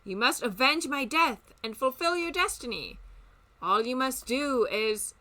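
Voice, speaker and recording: A woman's voice: high-pitched, lively intonation, unhurried, sharp tone, voice pushed up, exaggerated voice. A woman voicing the spirit of a dead man who delivers a grave prophecy. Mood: solemn. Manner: grave prophetic, interrupted by coughing.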